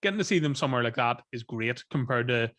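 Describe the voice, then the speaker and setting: A man in a casual chat as co-host, making quick jokes and swearing freely. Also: mid-range voice, expressive, a bit bright, dry recording. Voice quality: joking, fast quips, casual swearing. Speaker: co-host, metal musician.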